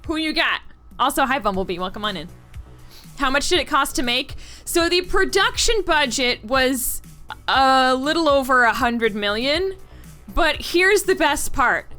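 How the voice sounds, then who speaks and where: Woman streaming, high lively voice, talks slow and bright, laughs a lot, faint music behind. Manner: animated and laughing, chatting with viewers. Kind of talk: casual live-stream commentary.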